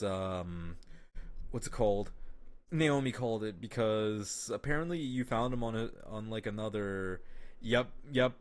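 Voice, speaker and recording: A man chatting casually on a live stream, rambling and swearing, full of fillers and restarts and laughing at his own jokes. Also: medium pitch.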